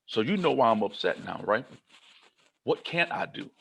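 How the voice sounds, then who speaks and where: Gravelly man telling comic life stories. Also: medium pitch, normal speed. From Kentucky, United States. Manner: animated, comic, acts out dialogue. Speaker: motivational keynote speaker. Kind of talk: humorous storytelling keynote.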